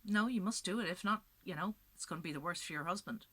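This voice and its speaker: A woman's voice: on the low side, fast talker, sharp tone, slightly rough, no echo. A woman storyteller voicing a cold, merciless king who talks in a dismissive, curt way.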